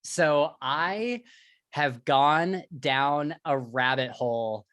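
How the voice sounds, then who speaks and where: A man's voice: on the high side, very slow, fairly bright tone, clean tone, no echo. A man co-hosting a podcast, chatting casually and eagerly about books, with plenty of filler words. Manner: chatty, enthusiastic, many fillers. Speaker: podcast co-host. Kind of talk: casual book chat.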